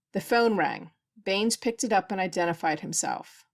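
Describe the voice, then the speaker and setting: A woman narrating a science fiction story as an audiobook, with a mid-range pitch for her sex. She keeps a steady, even storytelling pace throughout. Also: moderate pace, creaky. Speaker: audiobook reader.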